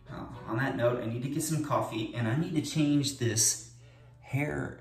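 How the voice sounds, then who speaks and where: A man's voice: medium pitch, moderate pace. A man chatting casually to camera in a playful, joking, upbeat way. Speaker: vlogger. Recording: echoey room, mic at a distance.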